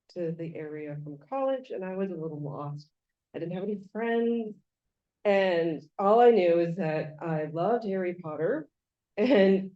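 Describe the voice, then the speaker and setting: A woman speaks at a memorial, her somewhat low voice halting with fillers and then bursting with excitement. The audio is dull and lo-fi, captured through a handheld microphone in an event room. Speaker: friend giving a eulogy. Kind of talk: memorial speech.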